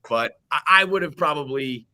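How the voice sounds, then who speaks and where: A man's voice: a little high, expressive, normal speed, sharp tone. A man co-hosting a sports podcast, talking casually and ranting with lots of swearing. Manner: profane, heated ranting. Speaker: podcast co-host.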